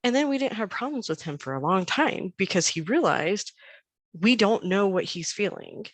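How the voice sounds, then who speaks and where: A woman in her thirties appears as a podcast guest, swapping family stories in casual conversation. Her mid-range voice moves at a normal speed with no room sound, and she tells the stories with animation, acting out every quoted line.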